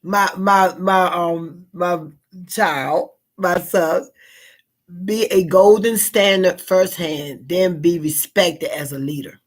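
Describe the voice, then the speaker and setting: A woman's voice: fairly low pitch, slow pace. Rambling Southern-accented woman host. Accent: Southern American. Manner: rambling, repeats herself, frequent fillers. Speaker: live stream host. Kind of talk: casual spoken reflection.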